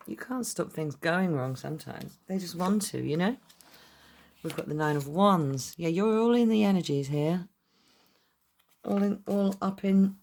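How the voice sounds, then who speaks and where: A woman with a low-pitched voice talks her way through a tarot reading straight to camera. She rambles in a loose, chatty way and swears bluntly. The sound comes from a camera mic. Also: darkish tone. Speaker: tarot reader.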